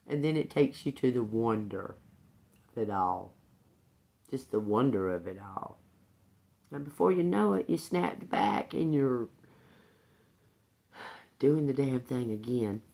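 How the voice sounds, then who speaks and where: A woman's voice: very deep voice, expressive, measured pace, darkish tone. A woman hosting a casual livestream tarot reading, emphatic and prone to laughing, with casual swearing and phrases repeated for emphasis. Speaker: tarot reader.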